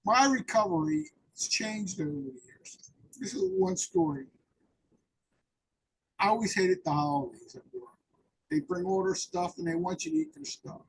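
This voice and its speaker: A man's voice: high-pitched, animated, normal speed, pauses often, a little hiss or hum, rough recording. A man in an interview, telling rambling personal recovery stories and acting out the dialogue. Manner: rambling anecdotal storyteller, acts out dialogue. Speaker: interview guest.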